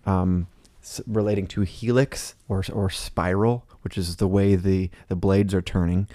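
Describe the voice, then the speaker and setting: A man's voice: low voice, little pitch movement, a little slow, warm tone, no room sound. A young man co-hosting a casual podcast chat, rambling with many fillers and restarts. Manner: rambling, lots of fillers and restarts, laughs often. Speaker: podcast co-host.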